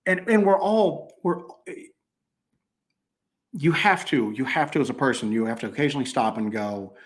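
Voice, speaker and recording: A man's voice: medium pitch, moderate pace. A man hosting a casual talk show, telling stories animatedly and acting out quoted lines. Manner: animated storyteller, acts out quotes, repeats himself. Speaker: podcast host. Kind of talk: casual chat.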